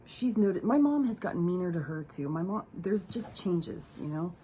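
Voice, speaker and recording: A woman's voice: on the low side, animated, moderate pace, dark tone, a little hiss or hum. A young woman telling a candid personal story on her vlog, profane and emotional, rambling with fillers.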